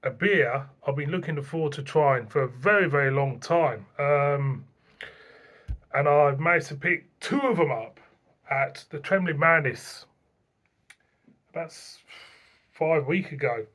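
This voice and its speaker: A middle-aged man from England talks through a beer review in a loose, rambling way, chuckling now and then. His voice sits a little higher than most men's. He sounds like an easygoing home vlogger. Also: unhurried, pauses often, fairly bright tone. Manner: chatty, rambling, chuckles to himself. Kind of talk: casual beer review vlog.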